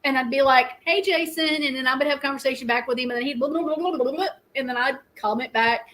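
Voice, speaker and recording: A woman's voice: high-pitched, fairly even intonation, quick pace, a bit bright, low-quality recording. A middle-aged woman, hosting a casual live stream and telling rambling stories with frequent laughs. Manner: chatty, rambling storyteller, laughs often.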